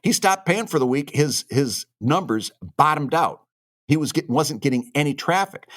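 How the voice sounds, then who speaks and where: A man's voice: mid-range voice, no echo, clean studio sound. A man co-hosting a cartoonists' podcast, giving emphatic, opinionated advice in casual shop talk.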